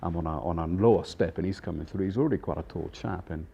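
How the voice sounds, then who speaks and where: A man in his fifties with a low, husky voice tells an old work story in a loose, chatty way. He acts out the people in it and laughs along. The recording is dull and lo-fi. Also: fast talker, mellow. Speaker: chef and storyteller. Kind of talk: casual anecdote telling.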